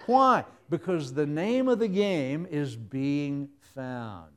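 A man delivers a sermon in a folksy, storytelling manner, slipping in wry humor as he goes. His speaking voice sits a little higher than most men's. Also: lively intonation, slow pace, a bit bright. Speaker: pastor.

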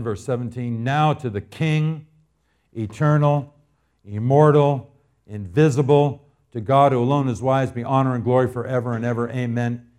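A man from Arizona preaching a sermon as pastor, telling homespun stories and building to loud, emphatic appeals. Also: medium pitch.

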